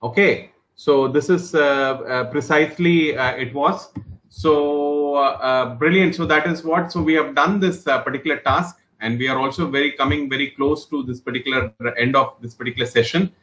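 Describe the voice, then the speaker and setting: A male trainer leads an online English class, repeating each word slowly and building example sentences around it. He talks in a steady, encouraging way, with many fillers and restarts. His voice sits in the middle range and carries a roomy echo. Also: medium pitch. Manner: repetitive, explains words with example sentences.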